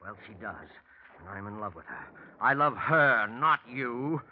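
A man's voice: fairly low pitch, big pitch swings, measured pace, dull audio. An actor playing a cold, taunting man who plans to murder his fiancée, in 1940s radio acting. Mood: gloating. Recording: hissy old radio recording.

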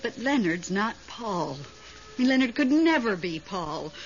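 An actress playing a fussy, jumpy widow in a radio drama, fluttery and exclamatory. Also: female voice, medium pitch, sing-song, measured pace. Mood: stubborn. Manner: fluttery, exclamatory, stammering when startled. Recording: dull lo-fi radio recording with faint hiss.

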